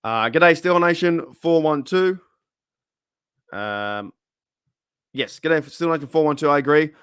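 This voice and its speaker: A man's voice: fairly high pitch, lively intonation, measured pace, a bit bright, clean tone, no echo, clean studio sound. An Australian man hosting a casual live stream, rambling and chatting while reading viewers' comments aloud. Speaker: livestream host.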